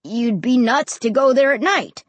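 Menacing boy, low and threatening, animated storybook delivery, read by a woman. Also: a little slow, no room sound. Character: sinister boy, quiet and menacing.

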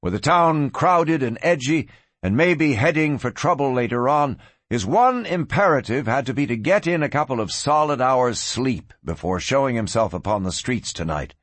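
Husky man narrating a western. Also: mid-range voice, dry recording. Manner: measured storytelling delivery. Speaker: audiobook narrator. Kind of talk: scripted narration.

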